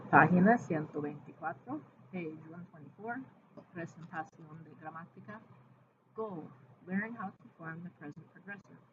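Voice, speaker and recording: A woman's voice: lowish voice, moderate pace. A woman Spanish teacher reading her lesson slides aloud, explaining grammar step by step and spelling words out letter by letter. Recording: tinny phone-like audio with faint hiss.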